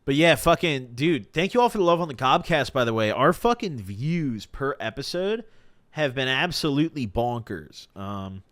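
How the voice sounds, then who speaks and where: Telling stories on a podcast live stream, this young male host is casual, profane, and animated, using lots of slang. His voice is mid-range, his pace moderate, and there's no echo.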